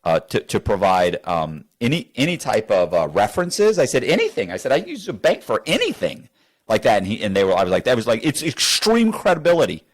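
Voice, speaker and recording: A man's voice: on the low side, wildly swooping pitch, brisk. A man telling a story as an interview guest in a studio, acting out both sides of the conversations.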